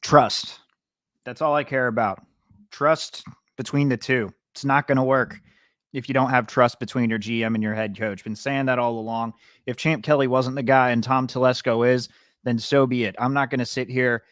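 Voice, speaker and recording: A man's voice: medium pitch, steady tone, moderate pace, a bit bright, no echo, studio quality. A man from Britain co-hosting a podcast, giving rambling, self-correcting sports opinions in casual chat. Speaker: podcast co-host.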